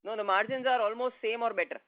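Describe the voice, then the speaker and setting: A man, a company executive giving steady, detailed answers on an earnings call. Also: extremely high pitch, fast talker. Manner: steady, explanatory, with fillers. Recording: phone-like conference line.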